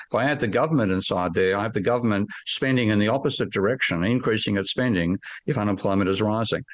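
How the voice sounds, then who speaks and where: A man explaining ideas as an economist guest, fluent and emphatic, with a blunt edge. His voice is fairly low. The recording is dry and close, with no room sound. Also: no room sound. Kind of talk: podcast discussion, explaining.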